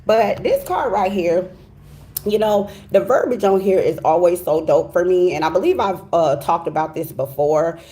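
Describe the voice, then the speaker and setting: A woman's voice: on the low side, lively intonation, normal speed, dark tone. A middle-aged woman giving a casual, heartfelt tarot reading, emphatic and chatty, often asking "okay?". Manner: emphatic, chatty, heartfelt, repeats "okay?" and "you know what I'm saying". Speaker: tarot reader.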